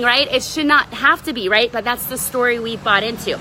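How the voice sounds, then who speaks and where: Bright high-voiced woman coaching. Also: normal speed, slight background noise. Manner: animated, keeps tagging "right?". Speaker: life coach hosting a live video. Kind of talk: casual motivational talk.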